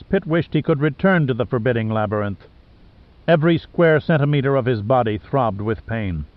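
A man reading an audiobook in steady scripted narration. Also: medium pitch, phone-quality sound.

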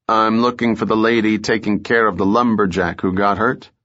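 A man's voice: on the low side, normal speed, close to an everyday voice. A man as a cool, composed frontier detective. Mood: calm. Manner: calm, dry, composed. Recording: muffled lo-fi audiobook.

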